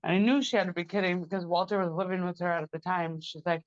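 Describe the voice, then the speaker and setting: A woman's voice: lowish voice, steady tone, quick pace, no echo, lo-fi sound. A woman, the sister of the person discussed, telling a long personal account in a rambling way, full of "like" and quoted asides. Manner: rambling, repeats "like" and "blah, blah, blah". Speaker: interviewee, victim's sister.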